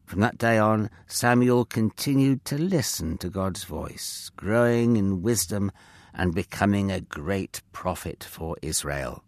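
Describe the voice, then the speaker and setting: A man narrating a Bible story for children in an expressive, gentle way, speaking directly to young listeners. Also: lowish voice, unhurried, no echo.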